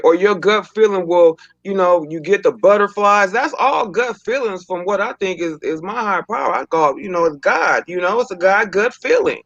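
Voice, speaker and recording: A woman's voice: mid-range voice, expressive, normal speed, dry recording, muffled recording. A woman talking in casual panel chat, who acts out the lines she quotes.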